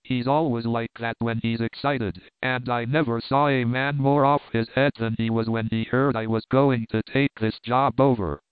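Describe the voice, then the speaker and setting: A man's voice: medium pitch, fairly even intonation, moderate pace, hardly any pauses, clear, resonant tone, no echo, close to an everyday voice. A man reading the part of a burly, good-natured older male blacksmith and prizefighter who speaks plainly and heartily. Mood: earnest. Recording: tinny narrow-band, dry.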